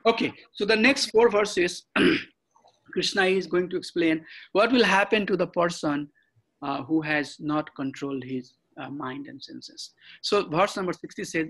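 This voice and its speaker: A man giving an online scripture class, halting, with many fillers and restarts. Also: on the high side, creaky, a bit bright, breathy edge, rough recording. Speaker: scripture study teacher. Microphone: computer mic on a video call.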